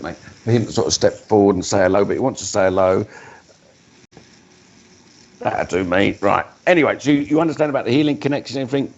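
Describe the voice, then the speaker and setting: A man's voice: lowish voice, darkish tone, muffled recording. A man, working as a spiritualist medium at a live church service, talking in a chatty way and breaking off mid-sentence to address spirits. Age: 50s.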